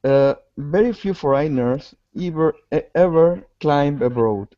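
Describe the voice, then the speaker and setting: A man's voice: on the high side, unhurried, dry recording. A man, reading a passage aloud for a language class, stumbling and restarting words. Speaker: language student. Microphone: video call. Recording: dry muffled video call audio.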